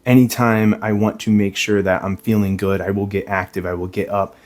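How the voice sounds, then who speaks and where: A man's voice: on the low side, level tone, brisk, a little mellow. A young man, a stay-at-home dad, talking earnestly and plainly to camera about his own life. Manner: earnest, reflective, plain-spoken. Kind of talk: personal talk to camera.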